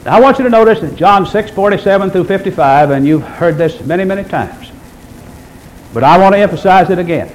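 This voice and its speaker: High-voiced emphatic male preacher. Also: animated, fairly quick, low-quality recording. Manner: emphatic preaching, swings between loud and hushed; reads scripture in King James wording. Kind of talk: sermon.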